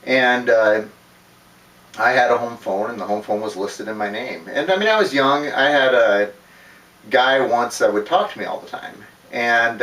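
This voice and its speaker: A man's voice: mid-range voice, fairly bright tone. A man telling a personal story in a casual, rambling way, swearing often and laughing between words. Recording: roomy, distant from the mic.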